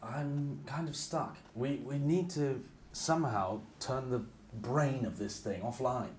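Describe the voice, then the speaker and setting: A man's voice: mid-range voice, slow, darkish tone, slight background noise. A man playing in a tabletop roleplaying game, musing hesitantly over what to do. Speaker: player.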